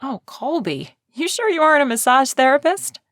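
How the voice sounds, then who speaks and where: A woman voicing a cheerful young woman celebrity in an audiobook, lifting her voice to a brighter, breezy tone. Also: high voice, sing-song, normal speed, no room sound, clean studio sound, voice pushed up. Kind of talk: audiobook character voice.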